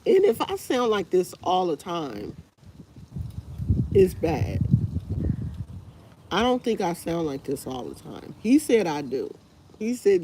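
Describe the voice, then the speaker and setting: Congested woman chatting slow on her live, tired and over it, faint hiss behind. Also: fairly low pitch, mellow. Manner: rambling, tired and fed up. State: congested, stuffy nose. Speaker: livestream host. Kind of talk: casual live chat with viewers.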